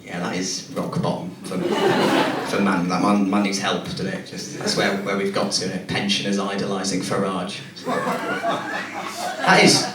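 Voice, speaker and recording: A young man from Birmingham, without the accent, doing a deadpan, self-mocking stand-up set with stammered restarts, heard from the audience. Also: low-pitched, a little slow. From Birmingham, England. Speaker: stand-up comedian. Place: comedy club stage. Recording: roomy club sound from far off, loud crowd.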